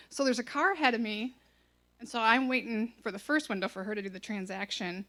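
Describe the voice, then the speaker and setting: A woman, telling a personal testimony in a casual, animated way and acting out the voices in it. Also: mid-range voice, fast. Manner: chatty, animated, acts out quoted lines. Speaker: church member sharing a testimony.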